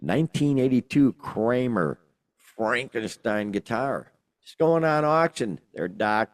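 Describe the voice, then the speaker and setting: A man's voice: medium pitch, animated, slow, no room sound, clean studio sound. An older man co-hosting a casual podcast, rambling and joking with lots of fillers and exclamations. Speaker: podcast co-host. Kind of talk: casual chat.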